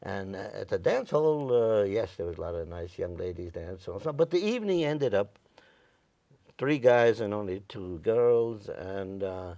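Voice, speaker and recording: Gravelly old man telling war stories. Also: lowish voice, lively intonation, normal speed, mellow, no echo. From Staten Island, New York. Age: older; 90s. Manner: rambling, acts out the voices in his stories. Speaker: veteran interviewee. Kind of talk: oral history storytelling.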